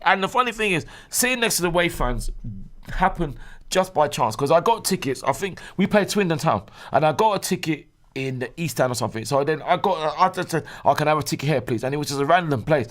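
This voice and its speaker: A man's voice: fairly high pitch, lively intonation, fast talker. A middle-aged man chatting as a guest, eager and stumbling, restarting his sentences often. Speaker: guest, long-time football fan. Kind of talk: casual chat.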